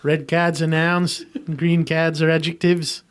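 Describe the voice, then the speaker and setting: A man's voice: fairly high pitch, flat delivery, unhurried, clean tone. A man co-hosting a comedy podcast, explaining a game and improvising with plenty of ums. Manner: hesitant, lots of ums while improvising. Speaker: podcast co-host.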